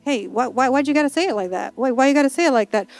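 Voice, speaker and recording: A woman preacher voicing Eve as a hurt, defensive young wife in a comic sermon retelling, a little lower and softer than her own voice. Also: animated, very fast, no room sound, faint music behind.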